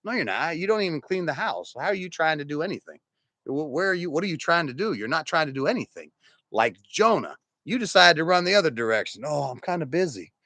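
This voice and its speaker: Animated storytelling preacher, man around fifty. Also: on the high side, fast, no room sound. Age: about 50. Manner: animated, conversational, chuckles through stories. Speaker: pastor. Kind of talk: storytelling sermon.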